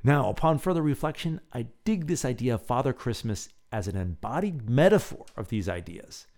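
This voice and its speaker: A man hosting his own podcast, reading a reflective essay aloud and then guiding listeners through a gentle breathing exercise. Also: medium pitch, very animated, moderate pace. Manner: soft, gentle and reflective, hushed when counting breaths. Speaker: podcast host.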